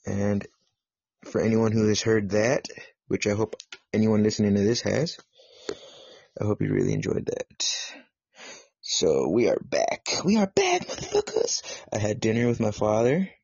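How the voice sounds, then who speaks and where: Gravelly, profane man hosting a podcast. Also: on the low side, a little slow, long pauses, darkish tone, dry recording, muffled recording. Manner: profane, joking, self-mocking. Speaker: podcast host. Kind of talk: solo live podcast chat. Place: home setup in California.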